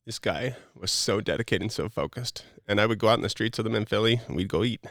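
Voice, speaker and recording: A man telling personal stories in a casual, animated way, acting out dialogue and using lots of fillers. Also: lowish voice, quick pace, dry recording, clean studio sound. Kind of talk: casual storytelling.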